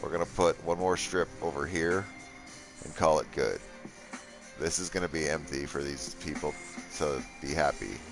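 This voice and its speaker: A man's voice: a bass voice, moderate pace, music in the background. A man streaming gameplay live and joking sarcastically with his chat while he builds.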